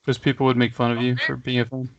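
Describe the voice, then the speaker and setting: A man's voice: mid-range voice, monotone, fast talker, dry recording. A man co-hosting a casual chat show, easygoing and often laughing. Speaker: podcast co-host. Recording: dry, dull lo-fi audio.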